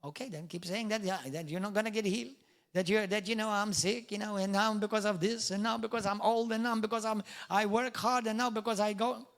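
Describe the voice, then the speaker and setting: Male pastor, middle-aged, high-pitched and emphatic, preaching with humor. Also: steady tone, fairly quick. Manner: emphatic preaching with wide swings in loudness and pitch; jokey asides and mock quotes of doubters. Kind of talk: sermon.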